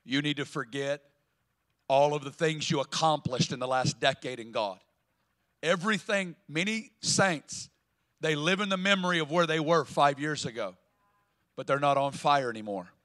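Male Southern US pastor, sermon in a church; high, bright, punchy delivery that swells into loud declarations. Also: normal speed. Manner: emphatic preaching, building to loud declarations. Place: church sanctuary.

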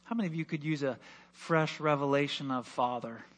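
A high-pitched man preaches a sermon from the pulpit of a church. He tells his story with fervor, rising loud and then falling to a hush. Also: a little fast. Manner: impassioned storytelling, swings from loud to hushed. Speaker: pastor.

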